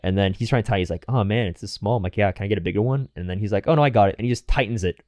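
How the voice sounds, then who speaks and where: A young man hurries through a rambling story on a podcast, his voice sitting low and close in a dry, dead room. He keeps acting out what people said to him between lots of fillers. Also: very fast, darkish tone, no room sound. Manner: rambling, filler-heavy anecdote with acted quotes. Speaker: podcast co-host. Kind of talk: casual storytelling chat.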